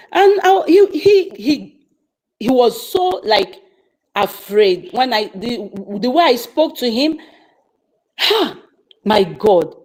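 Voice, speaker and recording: A woman's voice: on the high side, darkish tone, poor audio. A woman speaking on a call, telling a story with passion, often repeating herself and restarting sentences. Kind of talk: casual testimony on a live call.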